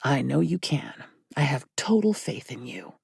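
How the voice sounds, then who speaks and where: A woman voicing a kindly older male priest who speaks in a soft, reassuring way. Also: a bass voice, big pitch swings, normal speed, vocal fry, husky, no echo, clean studio sound, voice pushed down, exaggerated voice.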